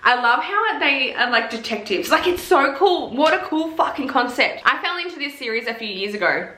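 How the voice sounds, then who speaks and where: A young woman vlogging in a casual chat, gushing and swearing a lot as she talks excitedly. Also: high voice, normal speed. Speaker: vlogger reviewing TV series. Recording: echoey room.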